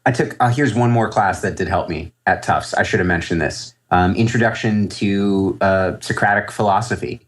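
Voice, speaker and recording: Deep-voiced guy in his 30s, trader on a podcast, rambly, keeps restarting his sentences. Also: normal speed, hardly any pauses. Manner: rambling, self-correcting, thinks aloud. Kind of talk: casual interview talk.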